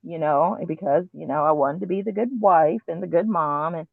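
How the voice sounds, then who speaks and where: A woman guest telling her story candidly and earnestly, acting out her own past words with animated asides, heard over a phone or call line. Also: low voice, moderate pace, vocal fry, dry recording. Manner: earnest, reflective, quotes herself with animated asides. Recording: tinny dry phone line.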